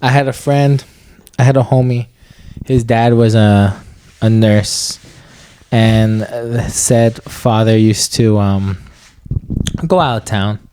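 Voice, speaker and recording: A man's voice: fairly low pitch, fairly even intonation, takes it slowly, long pauses, dark tone, clean tone, no echo. A young man co-hosting a comedy podcast, telling stories in loose, rambling casual chat. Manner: rambling, loose, full of "bro" and "you know what I mean". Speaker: podcast co-host.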